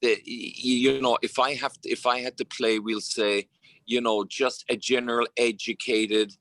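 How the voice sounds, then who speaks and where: An Irish actor chatting casually as an interview guest, telling relaxed stories with plenty of fillers. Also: male voice, medium pitch, moderate pace, dry recording. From Ireland. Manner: anecdotal, relaxed storytelling with frequent fillers.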